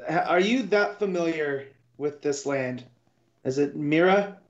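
A man co-hosting a casual comic book review podcast, rambling and thinking out loud with many restarts. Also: on the high side, measured pace, dull audio. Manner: rambling, talks through his confusion with restarts. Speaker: podcast co-host.

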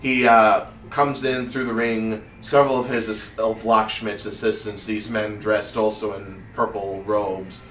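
A man narrating as game master at a tabletop game, unhurried and full of fillers. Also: fairly low pitch, flat delivery, a bit bright. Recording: echoey room, distant mic, faint noise.

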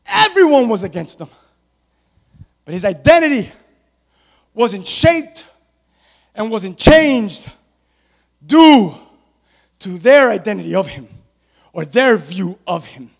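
A man preaching a sermon, repeating his points with rising force until he shouts. His voice sits very high for a man. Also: gravelly, big-room sound. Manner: emphatic repetition, building to shouts.

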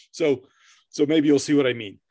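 A man's voice: a little high, unhurried, darkish tone, dry recording, studio quality. A middle-aged man co-hosting a podcast in casual chat, rambling, swearing freely, laughing often and stammering through restarts. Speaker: podcast co-host.

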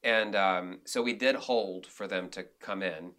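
A man, a director and actor, talking casually in an interview and telling animated stories from the theater with many restarts. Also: sits low, unhurried. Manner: animated, acts out quotes, frequent restarts.

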